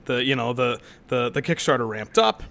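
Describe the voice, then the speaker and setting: A man's voice: medium pitch, moderate pace, gravelly, fairly bright tone. A man co-hosting a podcast, trading sarcastic jokes in casual banter. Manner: sarcastic, joking. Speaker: podcast co-host.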